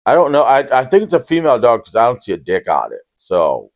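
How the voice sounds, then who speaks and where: Rambling deadpan man recapping a movie. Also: medium pitch, fast talker. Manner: rambling, deadpan, self-correcting restarts. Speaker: movie reviewer. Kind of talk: casual film recap with jokes.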